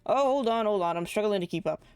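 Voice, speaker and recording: A woman's voice: mid-range voice, animated, fast talker, darkish tone, clean tone, dry recording, faint music behind. A woman streamer reacting to a game live, with incredulous asides to her viewers. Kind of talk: live gameplay commentary.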